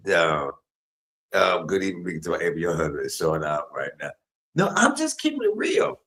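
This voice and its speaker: A man's voice: sits low, big pitch swings, moderate pace, low-quality recording. A middle-aged man, telling stories on a home cooking livestream, chatty and laughing. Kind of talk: casual storytelling while cooking.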